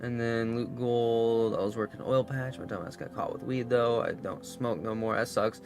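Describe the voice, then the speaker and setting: A man's voice: mid-range voice, fairly even intonation, moderate pace, over music. A man streaming a game, chatting casually, telling rambling stories full of swearing and reading his chat aloud.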